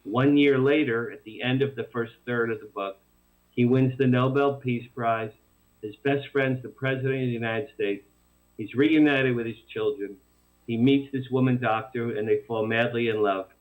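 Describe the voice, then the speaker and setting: A man being interviewed about his novel, telling it in a rambling, animated way with many restarts. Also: medium pitch. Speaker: author guest. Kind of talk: casual radio interview. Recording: tinny phone line.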